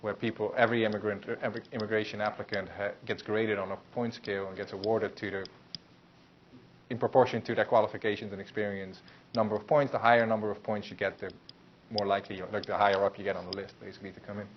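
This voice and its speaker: A man with a somewhat low voice lecturing a university class, loose and conversational, full of fillers and restarts. The classroom recording sounds muffled, with a faint hiss underneath. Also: little pitch movement, fast.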